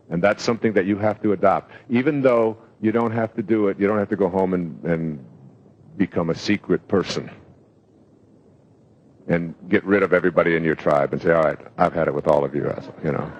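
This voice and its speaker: A man's voice: low voice, moderate pace, long pauses, lo-fi sound. A man giving a live motivational talk, telling stories in a rambling way with fillers. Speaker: self-help speaker.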